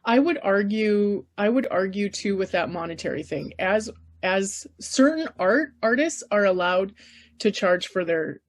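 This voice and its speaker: A woman's voice: mid-range voice, lively intonation, unhurried. A woman from Canada presenting a casual writers' workshop, emphatic, blunt and encouraging.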